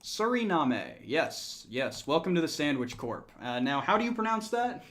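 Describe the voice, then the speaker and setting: A man's voice: fairly high pitch, sing-song, a little slow, a bit bright. A man streaming a strategy game, joking with chat, laughing often and counting numbers aloud. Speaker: gaming streamer. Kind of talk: casual live-stream chat.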